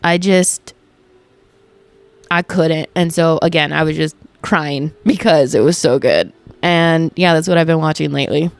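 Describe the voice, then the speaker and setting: A woman's voice: deep voice, unhurried, vocal fry, no echo. A woman in her twenties chatting casually to her viewers, rambling and emotional, swearing freely as she tells stories. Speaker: vlogger. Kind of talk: casual chat.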